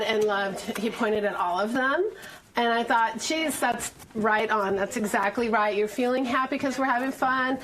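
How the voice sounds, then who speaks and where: A woman's voice: fairly high pitch, a bit bright, slight background noise, low-quality recording. A woman preschool teacher telling classroom stories in an interview, in a heartfelt storytelling manner. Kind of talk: interview recounting classroom moments.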